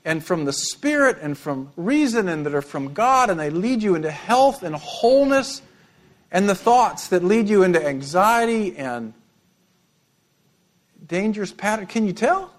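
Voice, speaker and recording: A middle-aged male pastor preaching an animated sermon, with humorous asides and repeated words. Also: high voice, unhurried.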